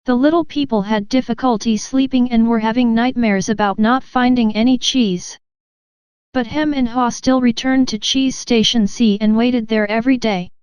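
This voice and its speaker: A woman reading an audiobook aloud in a steady, even scripted narration. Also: fairly high pitch, normal speed, clear, resonant tone, no room sound.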